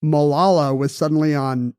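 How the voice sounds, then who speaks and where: A man co-hosting a podcast, telling a story in casual chat with quick asides. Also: on the high side, fairly even intonation, a little mellow, clean tone, no room sound, clean studio sound. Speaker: podcast co-host.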